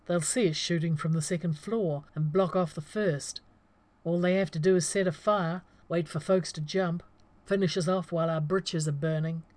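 A woman's voice: on the low side, steady tone, moderate pace, a little mellow, no room sound, close to an everyday voice. A woman reading the lines of a terse, practical male tracker who speaks bluntly. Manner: blunt, few words.

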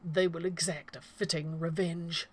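A woman's voice: lowish voice, flat delivery, a little slow. A woman reading a clipped, arrogant gunman. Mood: haughty. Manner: clipped, formal speech. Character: stiff, arrogant male gunman sheriff.

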